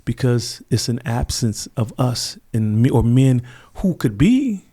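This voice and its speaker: A man's voice: medium pitch, sing-song, a little slow, mellow, slightly rough. A middle-aged man, a podcast guest, telling stories earnestly and reflectively, acting out the people he quotes. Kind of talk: conversational interview storytelling.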